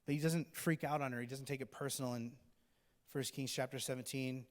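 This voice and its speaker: A male pastor preaching a sermon in a casual, animated, conversational way, sometimes acting out the people in the story. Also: mid-range voice, a little fast. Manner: conversational, animated, acts out characters. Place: church auditorium. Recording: long hall reverb.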